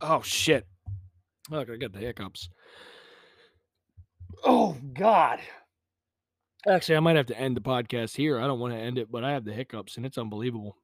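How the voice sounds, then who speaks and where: A man's voice: medium pitch, lively intonation, moderate pace, long pauses, no echo, studio quality. Profane ranting man on a podcast. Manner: swears constantly, rants angrily. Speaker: podcast host. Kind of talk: solo profane rant. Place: small pump house by a chicken house. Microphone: podcast microphone.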